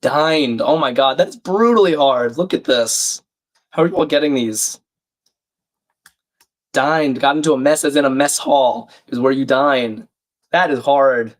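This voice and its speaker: Man, croaky, under the weather, chatty stream host reading out chat, mid-pitched. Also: a little slow. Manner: chatty, reads chat aloud, self-deprecating. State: croaky, a bit sick. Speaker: livestream crossword host. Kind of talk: casual live-stream chat.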